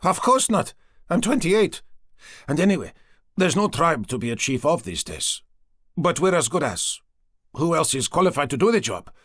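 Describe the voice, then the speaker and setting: A man doing a chirpy young showman, high and eager. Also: very animated, normal speed, a bit bright, no echo, studio quality. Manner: eager, chatty, salesman-like. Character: cheerful skinny young male fake-shaman showman.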